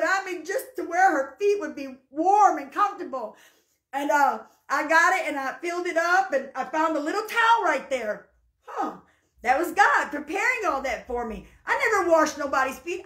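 A woman with a high voice tells her testimony in a folksy, down-to-earth way, now and then rising into fervent praise. She preaches to listeners, and her voice rings in an echoey room. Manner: fervent, breaks into shouts of hallelujah; folksy storyteller. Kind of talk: spoken testimony and sermon.

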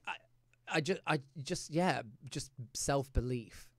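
A young British man chatting casually as a guest, self-mocking and a little crude, tripping over his own restarts. His voice sits at a middling pitch. The sound is dry and close, with no room around it. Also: a little slow, no echo. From United Kingdom. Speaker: guest actor. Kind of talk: casual chat.

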